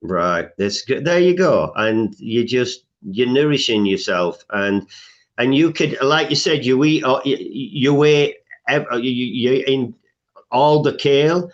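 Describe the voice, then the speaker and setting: Man, podcast guest coach, emphatic list-maker with filler words, middle pitch, lo-fi sound. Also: expressive, unhurried. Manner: emphatic, lists items, frequent filler "uh". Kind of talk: podcast interview conversation.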